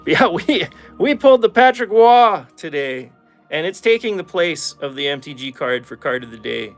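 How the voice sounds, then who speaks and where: A man from Calgary, speaking with an Albertan Canadian accent, casually opens trading card packs for his viewers, his voice on the high side, expressive and measured. He's easygoing and laughs often while addressing the chat, with soft background music underneath.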